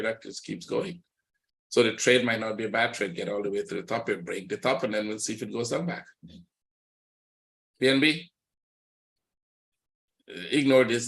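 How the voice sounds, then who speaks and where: A low-pitched man runs a live trading webinar. He moves briskly through the charts in a plain, matter-of-fact way, pointing out setups as he goes. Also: a bit bright. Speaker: trading instructor.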